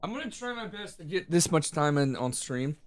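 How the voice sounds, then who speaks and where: A man's voice: fairly high pitch, big pitch swings, fairly quick. A man streaming a game, rambling and correcting himself as he comments casually. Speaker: gaming streamer.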